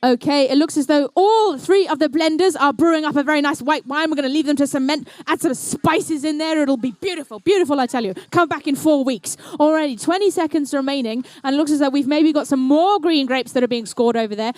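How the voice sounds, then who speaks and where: A woman's voice: sits high, a little fast, few pauses, darkish tone, dry recording. A woman commentating a live indoor competition and emceeing it, with playful, jokey banter aimed at the crowd.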